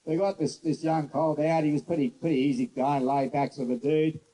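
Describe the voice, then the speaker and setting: Guy horse trainer rambling thru a demo outdoors, kinda high voice, mellow tone. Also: fairly even intonation, fairly quick, low-quality recording. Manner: casual, rambling, blunt storyteller; soft coaxing talk to the horse. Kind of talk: demonstration lesson with storytelling.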